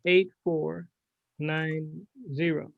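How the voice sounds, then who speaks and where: Gravelly man hosting a video call. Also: a little high, level tone, no room sound, narrow, tinny audio. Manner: halting, spells out contact details slowly. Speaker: host of an online health forum. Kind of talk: closing remarks on a video call.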